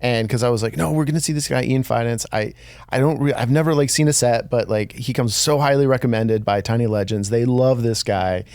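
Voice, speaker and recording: A man's voice: mid-range voice, brisk, no room sound, studio quality. A man hosting a podcast, speaking in a hesitant, casual way with many restarts. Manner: hesitant, restarts and softens his words. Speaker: podcast host.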